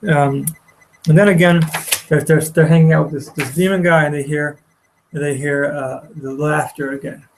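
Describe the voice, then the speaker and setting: A man teaching a class, retelling a story in a halting way with many repeated words and restarts. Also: on the high side, little pitch movement, a little hiss or hum, poor audio. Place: study hall.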